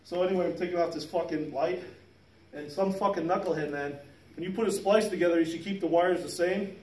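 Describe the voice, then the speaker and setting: A man's voice: high-pitched, fairly quick, a little mellow. A man in his fifties telling a rambling, profane work story in casual chat, laughing as he goes. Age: 50s. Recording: roomy sound from a distant mic.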